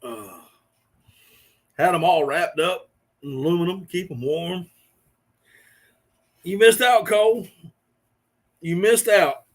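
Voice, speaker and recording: A man's voice: high voice, slow pace, pauses often. A middle-aged man, hosting a casual live stream and telling rambling stories to his viewers with frequent chuckles. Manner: rambling storyteller, chuckling often.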